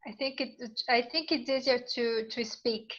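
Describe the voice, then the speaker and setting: A woman from Brazil, with Portuguese as her first language, chatting in English in an online meeting, hesitant and pausing with fillers. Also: a little high, fairly even intonation, a bit bright, lo-fi sound. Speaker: meeting participant. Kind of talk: casual group chat.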